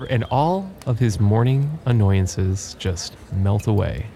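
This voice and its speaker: A man playing a character in a tabletop game, gruff and swearing in mock outrage. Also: on the low side, expressive, takes it slowly, warm tone, faint music behind. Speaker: player.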